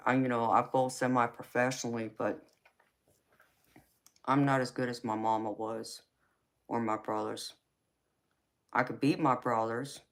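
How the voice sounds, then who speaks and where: A middle-aged woman with a Southern US accent, hosting a casual live chat and calling viewers "baby" affectionately. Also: a bass voice. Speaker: tarot reader and livestream host.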